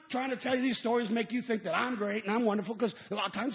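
A male evangelist delivers a sermon in a very high-pitched voice. He tells stories and then rises into emphatic, shouted peaks. The recording sounds dull and lo-fi. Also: very fast.

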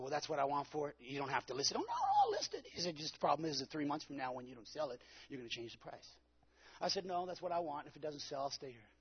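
A man's voice: mid-range voice, gravelly, breathy edge, muffled recording. A man preaching a sermon, telling a personal story with dramatic delivery and acted-out quotes. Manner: dramatic storytelling, acting out his own quotes.

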